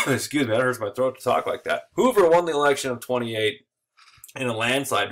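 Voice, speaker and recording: A man's voice: medium pitch, a bit bright. A man giving an informal history lecture, casual and joking, with filler words and small chuckles. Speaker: history teacher.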